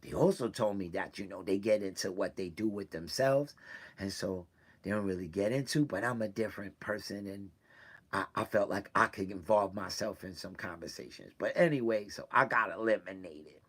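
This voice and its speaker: A man talking to his regular viewers, hurt and close to tears, halting and repeating himself between sighs. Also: lowish voice, breathy edge. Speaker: weekly video host. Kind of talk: personal confessional talk. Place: indoors in a room.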